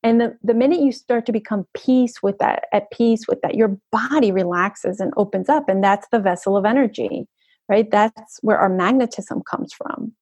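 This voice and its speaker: A woman's voice: medium pitch, normal speed, darkish tone, breathy edge, no room sound. A woman energy coach talking as a guest in an interview, flowing and earnest, often checking in with "right?". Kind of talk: conversational podcast interview.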